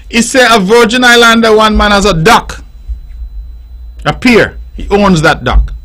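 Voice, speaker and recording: A man's voice: high-pitched, sharp tone, poor audio. A middle-aged man with a Nevisian accent, hosting radio call-in commentary in an emphatic, repetitive, preaching way on a studio microphone. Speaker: radio talk show host.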